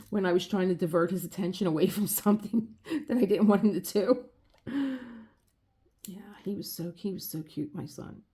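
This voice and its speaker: Middle-aged woman, mellow and slightly low, rambling heartfelt craft-vlog chat. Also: moderate pace. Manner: rambling and heartfelt, many restarts. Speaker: crafting vlogger. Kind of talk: casual chat while crafting.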